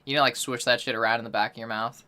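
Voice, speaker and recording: Casual, loose-talking woman streaming her voice practice, with a very deep, low voice. she has a tense, bright edge to it, swears freely and keeps saying sorry for being rusty. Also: fairly even intonation, very fast. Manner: loose, chatty, swears casually, reads out chat; self-deprecating, apologetic about being out of practice. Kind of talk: casual livestream chat during voice training.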